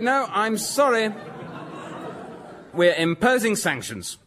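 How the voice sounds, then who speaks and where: A man hosting a comedy radio show and playing a brisk, pompous minister in sketches. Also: sits high, a bit bright, a little hiss or hum.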